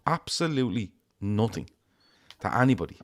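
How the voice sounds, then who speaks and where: A man's voice: fairly low pitch, very animated, moderate pace, slight background noise. A man giving blunt, emphatic opinions in a casual fan chat, swearing freely. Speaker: fan show panelist.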